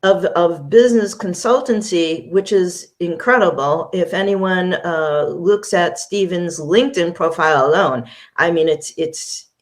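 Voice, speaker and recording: A woman hosting a talk show, smoothly reading a formal guest introduction and leading the interview. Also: fairly low pitch, a little slow, few pauses. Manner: polished, reads introductions smoothly.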